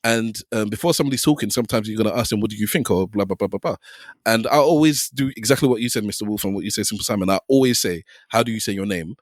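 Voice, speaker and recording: A man talks quickly on a podcast, laying out his point and cutting in on others. His voice sits in a middle pitch and sounds dry and close. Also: no room sound. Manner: fast, explanatory, talks over others. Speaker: podcast co-host. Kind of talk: casual chat.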